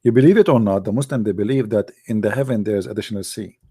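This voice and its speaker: A man talks straight into the mic as a call-in host, his voice dark and gravelly. He mocks and teases in a sing-song way, repeating himself, and often clears his throat. The sound is close and dry, with no room around it. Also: on the low side, rapid-fire, no echo. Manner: mocking, repetitive taunting, sing-song teasing; broken English grammar, frequent throat clearing. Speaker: host of a call-in religious debate show. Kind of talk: live call-in show monologue.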